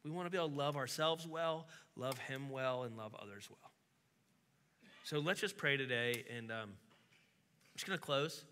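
A man's voice: medium pitch, moderate pace, long pauses, sharp tone, slight background noise. A male pastor giving a conversational, encouraging sermon and leading a closing prayer. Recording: long hall reverb.

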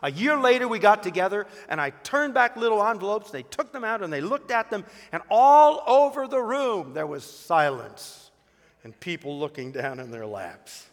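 A man's voice: high voice, sing-song, normal speed, fairly bright tone, big-room sound. A man who is a pastor, preaching a sermon emphatically with rhetorical questions and a personal story.

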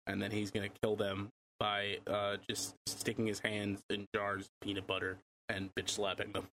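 A man's voice: lowish voice, completely flat delivery, moderate pace, sharp tone, a little hiss or hum. A man co-hosting a casual podcast, full of absurd jokes and casual swearing. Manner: jokey, absurd humor, swears. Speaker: podcast co-host. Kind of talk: casual chat.

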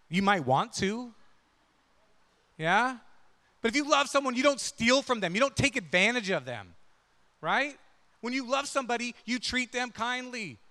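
A man's voice: sits high, pushed and bright, long reverb tail. A man preaching a conversational sermon, often checking in with the congregation. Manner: conversational, asks the crowd "right?" often. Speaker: pastor.

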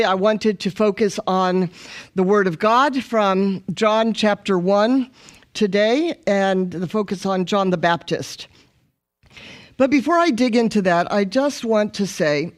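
A middle-aged woman, a missionary guest preacher, praying and then preaching with humorous stories and call and response. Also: mid-range voice. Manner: warm, humorous storytelling with congregational call and response. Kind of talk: sermon with opening prayer.

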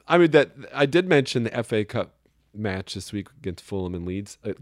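Low-voiced joking man co-hosting a podcast. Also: sing-song, a little fast, no echo. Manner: joking, rambling, laughs often. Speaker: podcast co-host. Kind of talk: casual chat. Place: Chicago area.

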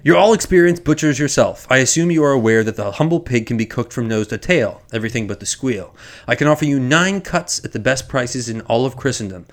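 A man's voice: medium pitch, lively intonation, a little fast, lightly acted. A man from acting out a theatrical male gun dealer who sells weapons as cuts of pork, with grand showman patter and a mock French flair. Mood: showy salesman.

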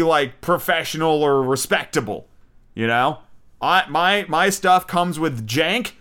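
A man's voice: high-pitched, sharp tone, clear, resonant tone. A man hosting his own podcast, rambling and swearing casually as he gives his opinions, with lots of ums and restarts. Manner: rambling, profane, opinionated, with many fillers. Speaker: podcast host. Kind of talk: casual solo podcast review. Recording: home-made unedited podcast.

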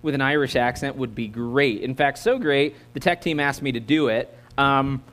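A man's voice: mid-range voice, normal speed, a bit bright. An American man preaching a sermon as a guest preacher. He talks in a conversational, joking way and draws the congregation in. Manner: conversational, joking, audience-engaging. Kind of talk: sermon with opening prayer.

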